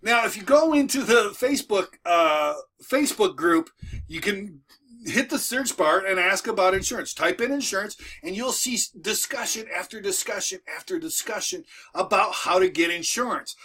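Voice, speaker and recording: Man, high-pitched, bright voice, casual motivational talk, folksy and repetitive, recorded at home. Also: expressive, moderate pace, breathy edge. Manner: repetitive, folksy, restarts often. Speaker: moving business coach and video host. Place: at home with dogs nearby.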